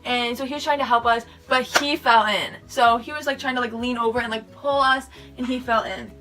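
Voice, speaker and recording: A teenage girl rushes through a rambling story for her vlog, words tumbling out with "like" everywhere. Her voice is bright and fairly high. She sounds a little far from the camera mic, with faint music in the background. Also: fairly even intonation. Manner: rambling, filler-heavy retelling with lots of "like". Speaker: vlogger. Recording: sped-up audio from a distant mic with music behind.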